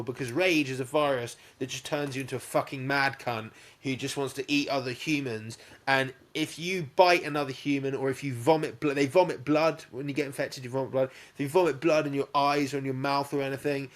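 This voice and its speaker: A man's voice: medium pitch, fairly bright tone. A young man, a podcast co-host, retelling a film in casual, sweary chat and acting out bits with little sound effects.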